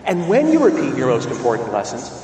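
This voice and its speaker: A man delivers a lively sermon with a pitch that swings up and down. He is heard from a distance, and his voice rings through a roomy church with a long reverb trail. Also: quick pace, a little hiss or hum. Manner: animated, questioning, emphatic repetition. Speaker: preacher. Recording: echoey church, voice from far off.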